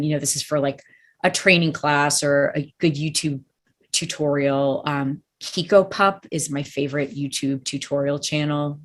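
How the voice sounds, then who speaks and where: Woman, dog trainer, deep voice, casual interview talk, rambling and hedging.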